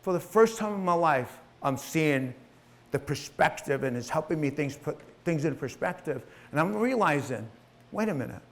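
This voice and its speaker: Brief: middle-aged male entrepreneur, somewhat high voice, raw profane motivational storytelling. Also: expressive, moderate pace. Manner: emotional, profane, acts out voices in his story. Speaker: entrepreneur telling his life story.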